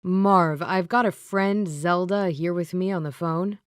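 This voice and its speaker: A calm, reassuring young man, as a woman narrator voices him. He speaks evenly in a lowish, dry, close voice. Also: measured pace, clean tone, dry recording, lightly acted.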